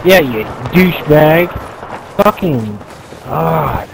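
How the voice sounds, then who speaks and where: A man's voice: fairly high pitch, expressive, slow, gravelly, background noise. A man on a gaming voice chat, cursing at the game and bickering with teammates. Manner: cursing, irritated, laughs easily. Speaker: gamer on voice chat. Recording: game gunfire drowning the chat.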